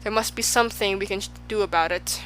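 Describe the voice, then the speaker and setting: A woman's voice: mid-range voice, fast talker, a bit bright, a little hiss or hum, lightly acted, low-quality recording. A woman voicing a grand but gloomy king in an audiobook, who gives royal commands and sighs over his troubles. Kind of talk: audiobook character voice.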